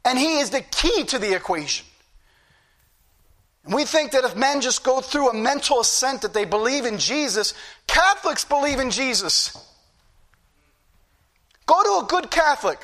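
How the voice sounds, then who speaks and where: A man's voice: very high voice, bright, forceful tone. A middle-aged man preaching a fervent sermon, repeating phrases for emphasis.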